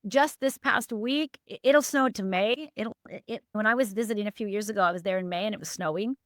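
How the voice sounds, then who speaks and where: A woman's voice: a little fast, no room sound. Earnest middle-aged woman, dry close sound. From Upper Michigan, USA. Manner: earnest, emphatic, with sudden lifts and drops in pitch. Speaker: life coach guest. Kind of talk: emotional personal storytelling.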